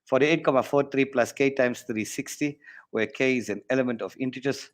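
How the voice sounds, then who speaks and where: A man's voice: mid-range voice, brisk. A South African man teaching maths in an online exam workshop, joking and bantering between worked steps. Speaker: maths tutor. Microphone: online stream mic.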